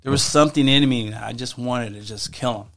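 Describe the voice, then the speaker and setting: A man as a podcast guest, telling stories from his past in a casual, halting way, often restarting his sentences. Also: mid-range voice, creaky, a bit bright. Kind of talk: casual storytelling.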